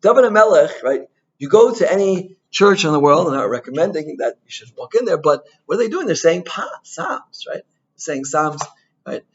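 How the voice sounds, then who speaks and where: A man's voice: a little high, moderate pace. Guy rabbi giving a loose torah talk, keeps saying "right?", muffled lo-fi sound. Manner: animated storyteller, mixing in Hebrew and Yiddish terms, frequent "right?". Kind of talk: informal Torah lecture.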